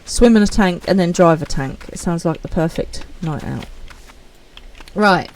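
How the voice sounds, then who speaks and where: Chatty woman with a gravelly voice. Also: on the low side, unhurried, a little mellow, a little hiss or hum, poor audio. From United Kingdom. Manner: chatty, self-deprecating, reads out chat. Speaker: streamer. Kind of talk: casual live-stream chat.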